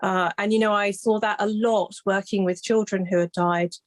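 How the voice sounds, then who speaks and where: A woman speaks softly and reflectively as a grief recovery specialist in an interview. She often pauses, restarts and searches for words, keeping an even, gentle pace. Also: medium pitch. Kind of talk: interview, explaining.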